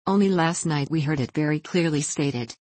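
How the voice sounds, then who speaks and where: A woman's voice: low voice, moderate pace, no room sound. A woman voicing a courteous, self-mocking middle-aged prince in a storybook reading. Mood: wry. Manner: courteous, gently teasing.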